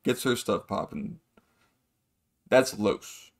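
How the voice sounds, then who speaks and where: A man's voice: on the low side, slow pace. Rambling man telling a casual story. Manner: rambling, swears freely, acts out quoted people. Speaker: podcast host.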